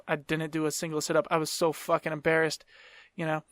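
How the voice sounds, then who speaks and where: Brief: young man, slightly high voice, swearing casual storyteller, dry close mic. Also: level tone, fast talker, a bit bright, no echo. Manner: profane, rambling, self-mocking. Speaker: podcast host.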